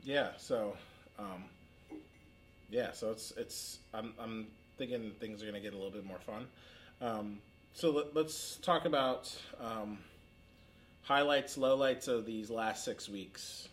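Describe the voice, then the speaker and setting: A man's voice: lowish voice, slow, slight background noise. A man co-hosting a casual podcast about his café, talking candidly and chattily, with frequent restarts and the odd swear word. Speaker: podcast co-host, café owner. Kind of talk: casual chat. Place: their café storefront.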